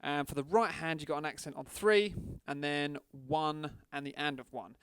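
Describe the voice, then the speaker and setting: Man, drum teacher, smooth clear voice, dry close sound, slightly high pitch. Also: fairly even intonation, moderate pace, fairly bright tone, no room sound. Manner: chatty, counts beats aloud over the kit. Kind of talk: casual drum lesson. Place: drum studio.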